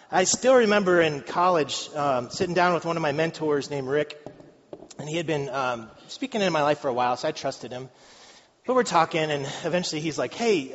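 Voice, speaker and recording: A man in his thirties preaching a sermon in a conversational, joking way, laughing often. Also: on the high side. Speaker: pastor. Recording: dull live recording in a reverberant hall.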